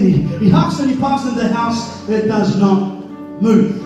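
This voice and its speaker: A man with a high voice preaches to a congregation, moving from storytelling into impassioned exhortation. He sounds distant from the microphone in a heavily echoing church hall. Music plays behind him. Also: measured pace. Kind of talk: sermon. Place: church sanctuary.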